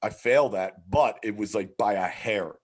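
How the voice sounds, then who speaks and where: Male comedian guest, low voice, swears constantly, rambles through a story. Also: unhurried. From Philadelphia area. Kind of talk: casual storytelling chat.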